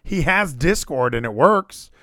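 A man co-hosting a casual streamed chat, excitable and rising to near-yells. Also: a little high, a little slow, no room sound, clean studio sound. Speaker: podcast co-host.

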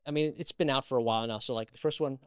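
A man's voice: mid-range voice, rapid-fire, clear, resonant tone, no room sound, studio quality. A man, an actor, chatting as an interview guest, telling stories animatedly with many restarts. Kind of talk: casual interview chat.

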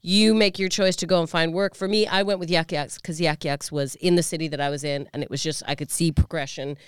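Chatty woman with a smooth, clear voice. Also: sits low, a little fast, dry recording, studio quality. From Canada. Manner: chatty, animated storytelling with playful voices. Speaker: comedian guest. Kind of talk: casual podcast chat.

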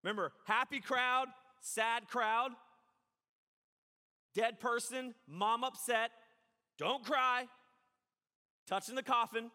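A man preaching a sermon as pastor, animated and conversational, acting out the voices of people he quotes. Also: extremely high pitch, slow pace, pauses often, big-room sound.

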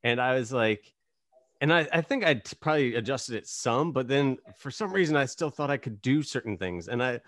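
A man's voice: medium pitch, expressive, a little fast, a bit bright, dry recording. Chatty man hosting a podcast. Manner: rambling, self-deprecating storytelling. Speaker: podcast host. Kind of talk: casual conversation.

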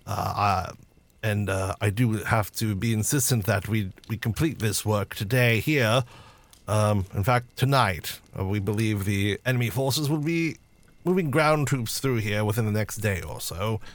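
A man voicing a polite but insistent military colonel in a tabletop game, halting with fillers. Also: on the low side, no echo, natural voice. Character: businesslike military colonel, middle-aged man.

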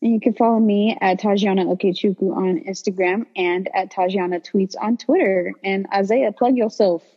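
A young woman co-hosting a podcast, chatting in an animated, enthusiastic way. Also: mid-range voice, moderate pace, breathy edge, highs cut off. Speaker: podcast co-host. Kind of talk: casual chat.

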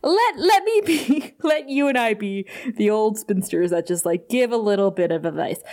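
A woman co-hosting a casual podcast, often laughing and slipping into quick impressions while she retells scenes. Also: medium pitch, a little mellow. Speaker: podcast co-host. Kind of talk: casual chat recapping a TV episode.

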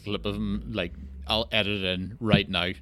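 A man's voice: fairly low pitch, level tone, normal speed, heavy background noise. A young man with an Irish accent, hosting a podcast in casual, sweary, rambling chat and laughing often. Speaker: podcast host.

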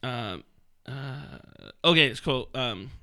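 Male host, bright tone, casual, mock-reads passages with laughs and fillers. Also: medium pitch, expressive, slow. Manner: mocking, laughing while reading, many fillers. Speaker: podcast host reading a book aloud. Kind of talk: casual chat, reading passages aloud.

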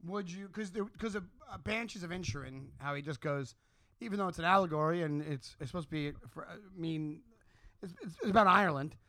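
High quick-talking podcast host. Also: male voice, pushed and bright, no room sound. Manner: quick, questioning, jokey. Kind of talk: casual podcast chat.

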